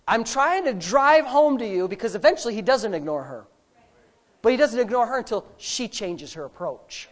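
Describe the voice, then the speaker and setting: Man preaching with big swings in intensity. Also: big pitch swings. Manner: dynamic preaching, swinging from low and hushed to high and shouting; drawn-out emphatic phrases. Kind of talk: sermon.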